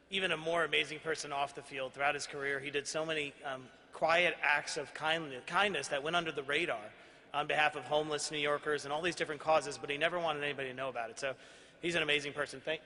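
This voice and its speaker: Bright-voiced man speaking in an echoey hall. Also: on the high side. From Queens, New York. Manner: earnest, self-deprecating storytelling. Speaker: award honoree giving a speech. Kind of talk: gala acceptance speech. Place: large banquet hall.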